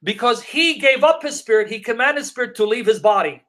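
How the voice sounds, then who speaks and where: This very high-pitched teacher sounds expressive, pushed and bright as he reads scripture aloud at a slow, deliberate pace on a live stream. Taking viewer comments in a Q&A format, he emphatically repeats his questions to make each point land.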